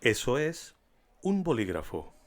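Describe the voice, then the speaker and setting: A man teaching a beginner language lesson in a deliberate, clearly enunciated scripted style. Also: medium pitch, big pitch swings.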